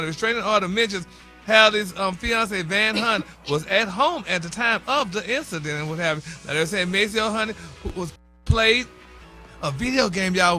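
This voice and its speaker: A man delivers celebrity news on a morning radio show in a high voice. His tone is very bright and his delivery is dramatic and gossipy, full of endearments. Faint music plays underneath. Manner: dramatic, peppers talk with "y'all" and "honey".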